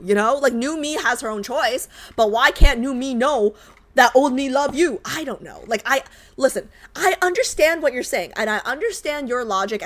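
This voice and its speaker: Animated, emphatic woman streamer, fairly high voice. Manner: animated and emphatic, repeats herself; swears casually, reads chat aloud. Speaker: streamer reacting to a game. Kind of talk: casual reaction chat.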